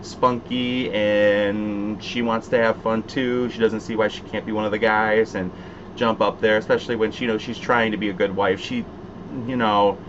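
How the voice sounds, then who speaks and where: A Southern American man hosts a relaxed pop-culture chat, his voice on the low side. He rambles with plenty of fillers and restarts. The sound is dull and lo-fi, with a faint hiss behind him. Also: normal speed. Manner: chatty, many fillers and restarts. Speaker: host.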